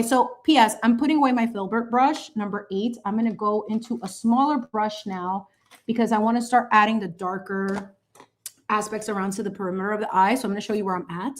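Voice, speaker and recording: A woman's voice: mid-range voice, brisk. A woman chatting sassily and playfully while she paints on a livestream, mixing in bits of Spanish. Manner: animated, sassy, playful with lots of asides. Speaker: channel host painting on a livestream.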